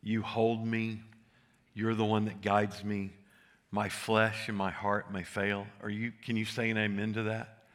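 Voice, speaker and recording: A man's voice: on the low side, flat delivery, measured pace. An older man preaching a sermon, telling folksy stories and joking with the congregation. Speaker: pastor.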